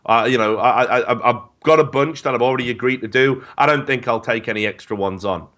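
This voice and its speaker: Podcast guest: a man with a bright, sharp voice. Tells profane, lively stories. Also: mid-range voice, fast. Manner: profane, animated storyteller. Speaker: esports commentator guest. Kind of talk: casual podcast chat.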